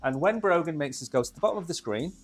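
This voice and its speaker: Brief: male co-host, animated pitch, joking banter, soft music bed. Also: fast talker. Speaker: co-host of a crypto stream. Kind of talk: casual chat.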